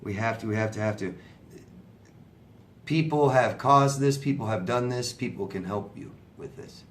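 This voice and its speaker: A man's voice: mid-range voice, moderate pace. A man answering viewer questions as a relationship coach, in a conversational, sympathetic way, often asking "right?". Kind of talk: casual advice talk.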